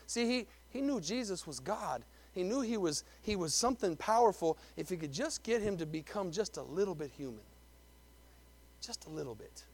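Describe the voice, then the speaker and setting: A man preaching a sermon, emphatic, repeating words and swinging between loud lines and hushed ones. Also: high-pitched. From Texas. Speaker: pastor.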